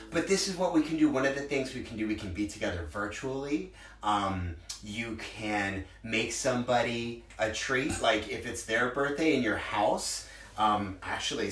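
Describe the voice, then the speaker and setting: A man's voice: medium pitch, recorded from a distance. Upbeat man in his forties teaching preschoolers. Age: 40s. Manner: upbeat, simple words for small children. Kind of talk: virtual circle time for young children. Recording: roomy echo, from the mic, with guitar.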